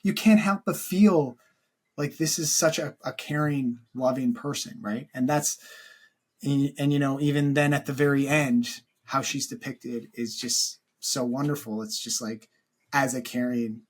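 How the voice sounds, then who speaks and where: A man co-hosting a film podcast speaks in a mid-range, steady voice at a measured pace. Earnest and informal, he rambles, leans heavily on "like," and keeps restarting his sentences.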